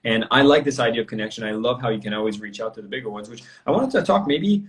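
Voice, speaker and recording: A man's voice: medium pitch, expressive, quick pace, poor audio. A man hosting a live motivational interview, asking open questions in an encouraging way. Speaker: host of a live show. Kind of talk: interview host.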